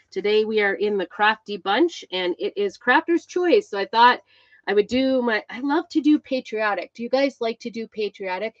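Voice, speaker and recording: A woman's voice: medium pitch, no echo. A middle-aged woman hosting a live crafting stream, chatting casually with viewers, greeting them by name, with lots of fillers and a slightly breathless delivery. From Idaho, USA. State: a bit out of breath. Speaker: crafting livestream host. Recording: dull, slightly lo-fi sound.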